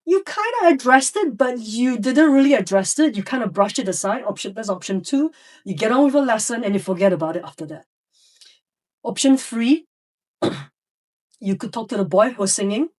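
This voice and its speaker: A woman's voice: on the high side, animated, normal speed, a little mellow, distant mic. A woman educator telling classroom stories in a podcast interview, acting out the voices of students and teachers. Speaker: educator guest.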